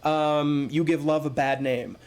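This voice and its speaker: Joking, excitable man hosting a fan chat. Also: on the high side, unhurried. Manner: joking, enthusiastic fan banter. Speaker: host. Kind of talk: casual chat.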